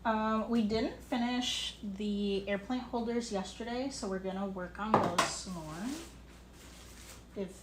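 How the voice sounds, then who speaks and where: In a very noisy recording, a young woman with a mid-range voice speaks in a steady tone at a measured pace. She streams live from her ceramics studio, offering casual, distracted commentary while handling clay, with frequent fillers and self-corrections.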